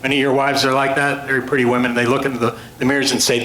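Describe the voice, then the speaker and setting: A man's voice: medium pitch, flat delivery, rapid-fire, a bit bright, slight background noise. A man in his late fifties giving a humorous storytelling talk to a club, with dry, self-deprecating punchlines and rambling asides. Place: club meeting room with an audience. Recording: roomy hall sound with faint ambience. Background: audience laughter.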